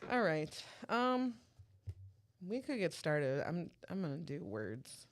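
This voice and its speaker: Podcast co-host, woman, lowish voice, chatty storyteller who acts out family dialogue. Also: very animated, slow. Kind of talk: casual chat.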